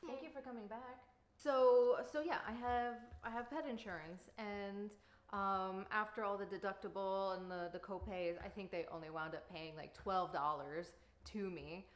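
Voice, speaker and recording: A woman's voice: medium pitch, fairly even intonation, moderate pace. A woman in her thirties chatting casually to camera while baking at home, rambling with lots of fillers. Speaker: vlogger and mother. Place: home kitchen.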